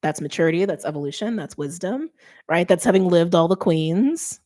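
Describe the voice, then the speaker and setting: A woman's voice: on the low side, expressive, normal speed, dark tone. A middle-aged woman giving a casual tarot reading, chatty and thinking aloud with many fillers. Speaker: tarot reader.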